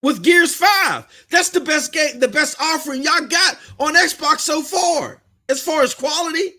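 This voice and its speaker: A man's voice: very high-pitched, lively intonation, measured pace, bright, forceful tone. A man with a Southern US accent, hosting a podcast and ranting in blunt, fiery, slangy commentary. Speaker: podcast host. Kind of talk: heated commentary rant.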